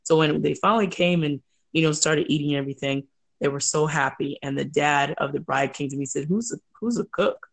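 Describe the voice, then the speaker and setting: A woman telling stories in a chatty, animated way as an interview guest. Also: low voice, creaky. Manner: chatty, animated, quick asides. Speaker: guest, entrepreneur. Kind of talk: casual storytelling.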